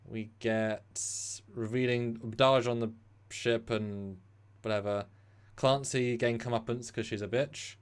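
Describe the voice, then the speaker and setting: A man co-hosting a casual live-stream chat, animated and rambling with sarcastic asides. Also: medium pitch, a little slow, smooth. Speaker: co-host.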